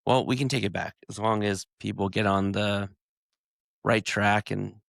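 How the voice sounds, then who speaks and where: A man's voice: on the low side, steady tone, moderate pace, creaky, fairly bright tone, no echo, studio quality. A man co-hosting a podcast in laid-back casual chat, retelling clips. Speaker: podcast co-host.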